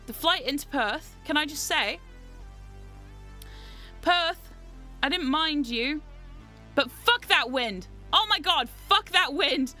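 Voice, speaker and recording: Woman streamer, high and bright, loose and chatty, swears freely, animated storyteller. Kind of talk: casual storytelling chat.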